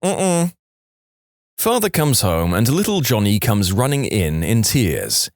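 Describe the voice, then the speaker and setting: A man hosting a podcast, reading jokes aloud in a deadpan way. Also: on the low side, a little slow, dry recording, studio quality. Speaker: podcast host.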